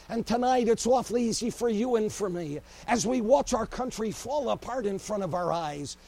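Husky, impassioned preacher man. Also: high-pitched, animated, moderate pace, few pauses. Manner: impassioned, swings from shouting to hushed. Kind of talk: sermon.

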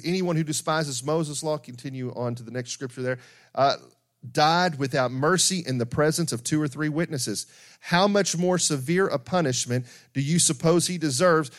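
A man preaching a sermon, earnest and emphatic, reading scripture and acting out the excuses of sinners. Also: medium pitch.

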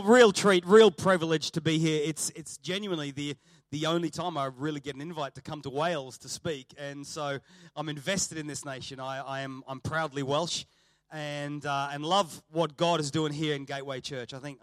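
A man's voice: medium pitch, no room sound. A man with an Australian accent, a guest preacher opening a sermon in a church with teasing jokes and a chatty, filler-laden delivery. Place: church hall with a congregation.

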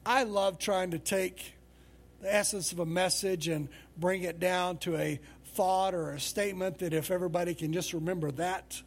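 A man's voice: high voice, fairly even intonation, normal speed. A male pastor preaching a sermon in a conversational, storytelling way.

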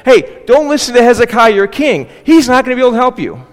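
Brief: a preacher playing an arrogant royal envoy, raised loud taunting voice, echo of a long hall. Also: male voice, fairly high pitch, sing-song, a little fast. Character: boastful Assyrian royal spokesman, taunting, arrogant, grown man.

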